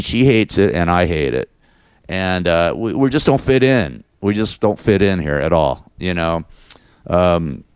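Male show host, low and smooth, rambling frustrated monologue. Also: no echo, clean studio sound. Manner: frustrated, repetitive, venting.

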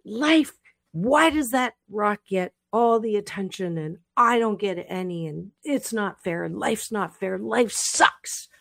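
A woman's voice: sits high, very animated, moderate pace, vocal fry, hardly any pauses, a bit bright, no room sound, clean studio sound, pitched above the performer's own voice, exaggerated voice. A woman voicing an overlooked rock that bursts into a whiny, envious rant. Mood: furious. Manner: ranting, whiny outburst. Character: bitter, overlooked rock, seething with envy.

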